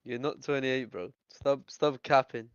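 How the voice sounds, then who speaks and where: A man's voice: mid-range voice, fairly even intonation, measured pace, clear, resonant tone, dry recording. A man hosting a casual voice-chat discussion, teasing and stumbling over restarts. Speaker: discussion host. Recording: muffled lo-fi voice chat.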